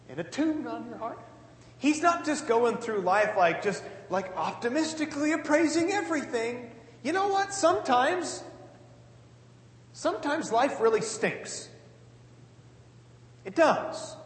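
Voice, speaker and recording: A man preaching a sermon in an earnest, conversational way, with many casual asides. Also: very high voice. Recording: echoey hall with long reverb.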